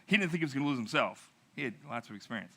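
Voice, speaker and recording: A middle-aged pastor telling a narrative sermon, acting out quotes with dramatic pauses. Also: male voice, medium pitch, animated, vocal fry, bright, forceful tone.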